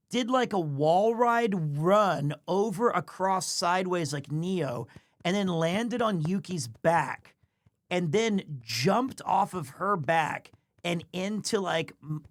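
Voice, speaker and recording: Streamer type, man, easygoing chatty storyteller, keeps cooing at his pet mid-story. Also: sits high. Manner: rambling anecdote, stops to coo at his cat. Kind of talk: casual livestream chat.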